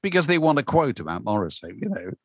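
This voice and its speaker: A man's voice: fairly high pitch, sing-song, fast, dry recording. A man chatting casually as co-host, wry and dryly witty. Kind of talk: casual chat.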